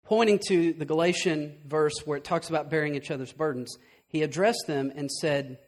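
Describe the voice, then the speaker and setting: A man preaching to his church with a voice pitched well above most men's. He is animated and emphatic, and he keeps tossing rhetorical questions at the congregation. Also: normal speed. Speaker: pastor. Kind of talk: sermon.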